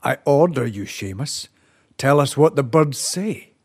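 A man voicing a proud island chief who commands his son and shouts in anger. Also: medium pitch, lively intonation, measured pace, breathy edge. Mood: commanding. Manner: commanding, bursts into loud anger. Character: proud, quick-tempered island chief, father.

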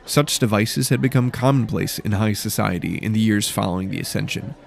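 A man reading a fantasy story aloud in a measured, steady, descriptive narration. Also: on the low side, gravelly.

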